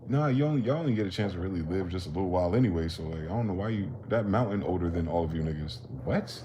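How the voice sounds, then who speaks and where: Low-voiced man musing in street slang. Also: lively intonation, quick pace, background noise. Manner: profane, questioning, street slang. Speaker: livestream host. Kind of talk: rambling philosophical monologue.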